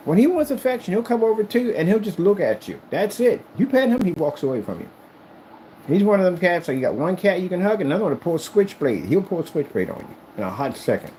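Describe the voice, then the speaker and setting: A man's voice: a little high, warm tone, poor audio. Guy vlogging, rambly and emphatic, voice swings all over, bit of faint hiss behind. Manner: rambling, emphatic, repeats himself. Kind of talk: casual chat to camera.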